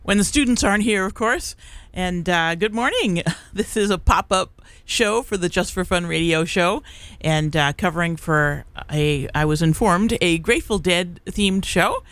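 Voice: mid-range voice, unhurried, fairly bright tone, no room sound. Middle-aged college radio dj, rambly, lots of uhs and ums, studio mic. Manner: rambling, chatty, many fillers and restarts. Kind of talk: casual on-air chat between songs.

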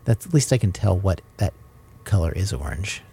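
Gravelly, husky man in wry banter. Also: deep voice, big pitch swings, normal speed, mellow. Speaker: podcast co-host. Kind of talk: casual chat.

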